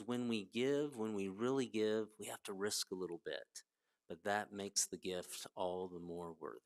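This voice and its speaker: A man giving a children's message in a service, telling a fable in a plain, gentle, folksy way. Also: fairly low pitch. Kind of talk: storytelling to children.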